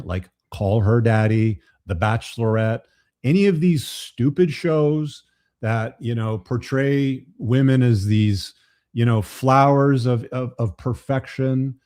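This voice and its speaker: A man's voice: medium pitch, warm tone. A man hosting a live commentary show, talking bluntly with frequent profanity. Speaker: host.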